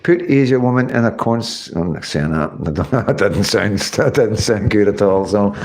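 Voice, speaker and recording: A man's voice: on the low side, normal speed, a little mellow, slight background noise. A middle-aged man with a Northern Irish accent, rambling and swearing on a casual livestream while reading viewer comments. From Northern Ireland. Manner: rambling, swears often, many fillers.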